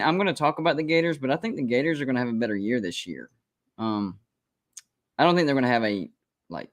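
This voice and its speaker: A man hosting a live college football stream, talking casually, emphatic and repetitive as he defends his predictions. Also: mid-range voice. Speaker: college football show host. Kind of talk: live-stream sports commentary.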